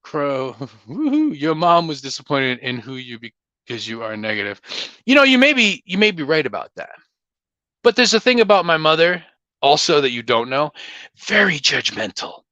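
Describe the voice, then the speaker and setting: A man's voice: on the high side, sing-song, moderate pace, pushed and bright, no room sound. A man hosting a casual livestream Q&A, talking in a blunt, opinionated, rambling way. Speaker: livestream host.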